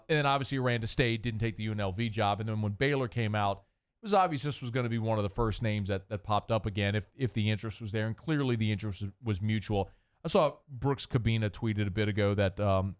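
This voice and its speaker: A man hosting a sports talk radio show in the studio, talking in an animated, emphatic way with rambling asides. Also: on the low side, a little fast, smooth.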